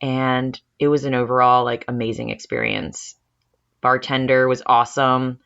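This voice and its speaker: Woman with a bit of vocal fry, chatty upbeat podcast talk, dull lo-fi audio. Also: very deep voice, level tone, a bit bright. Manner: chatty, upbeat, quick to laugh. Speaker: podcast co-host. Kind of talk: casual chat.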